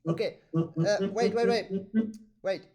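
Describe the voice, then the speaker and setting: Man, French accent, high voice, patient accordion teacher, video call lesson, sings rhythms aloud. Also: a little slow, dark tone, soft background music. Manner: patient, explains with vivid comparisons, sings out rhythms. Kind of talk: online master class.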